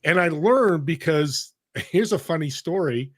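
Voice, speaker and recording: A man's voice: on the high side, a little slow. A middle-aged man as an interview guest, telling stories with energy and speaking straight to the audience. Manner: animated, addresses the audience directly. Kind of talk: conversational storytelling.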